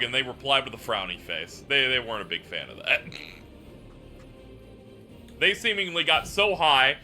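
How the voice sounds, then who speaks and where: A man chatting casually on a livestream, telling stories with animated quoted voices. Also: medium pitch, normal speed, long pauses, soft background music. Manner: animated storytelling, acts out quotes. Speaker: streamer.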